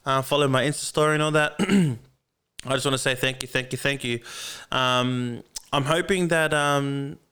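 A man's voice: mid-range voice, fairly even intonation, normal speed, pushed and bright, clear, resonant tone. A man in his twenties with an Australian accent, hosting a casual podcast in a laid-back, joking way, full of ums and the odd swear word. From Melbourne, Australia. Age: 20s. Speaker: podcast host. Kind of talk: casual chat. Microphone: podcast microphone through a mixing console.

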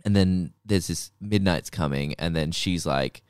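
A man's voice: low-pitched, unhurried, clean tone, dry recording, studio quality. A man casually recapping a movie plot, rambling and swearing, often playing out the characters' lines.

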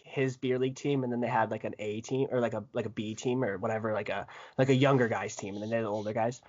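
A young man, a former hockey player, telling profane stories in casual podcast chat, animated and often laughing. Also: mid-range voice, muffled recording.

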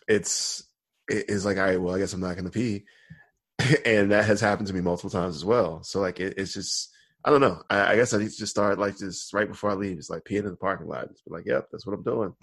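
A man's voice: low voice, creaky, breathy edge, dry recording. A man co-hosting a podcast, telling a rambling story in casual chat with lots of fillers and laughter. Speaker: podcast co-host.

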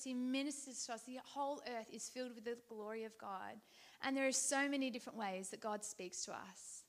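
Higher-voiced woman sharing an earnest testimony. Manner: conversational, storytelling with fillers and restarts; earnest and heartfelt. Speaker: Christian speaker. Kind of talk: personal testimony in a devotional talk.

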